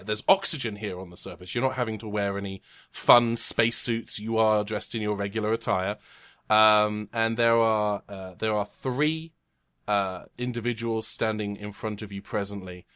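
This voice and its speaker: A man's voice: on the low side, a bit bright. A man running a tabletop game as game master, narrating in a dry, wry way with many fillers, recorded remotely. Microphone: remote home mic.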